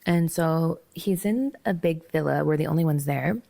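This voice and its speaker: A woman's voice: deep voice, moderate pace, vocal fry, mellow. A young woman hosting a podcast, telling a dating story casually, laughing and acting out both sides of the conversation. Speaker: podcast host.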